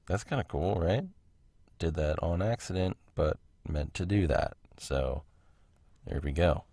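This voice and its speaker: A man with a very low voice rambles through a casual solo podcast, drifting between tangents and chuckling at himself. The sound is dry and close to the mic, with no room echo, as if recorded at home. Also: a little slow, dark tone. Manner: rambling, self-interrupting, laughs at himself. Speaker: podcast host.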